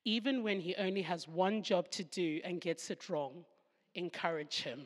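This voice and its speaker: A woman's voice: on the low side, normal speed, long reverb tail. A woman with a Southern African accent giving a devotional Bible talk, with humorous asides where she laughs at herself. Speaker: Bible teacher.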